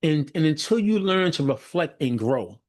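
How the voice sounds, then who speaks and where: A man's voice: a little high, big pitch swings, moderate pace, darkish tone. Emphatic middle-aged male leadership coach. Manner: repetitive, restarting, preacher-like emphatic cadence. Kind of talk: motivational talk.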